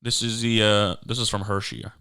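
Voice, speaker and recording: A man's voice: fairly low pitch, level tone, a little fast, pushed and bright, smooth. A man hosting a comedy podcast, rambling playfully with lots of fillers in casual chat. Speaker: podcast host.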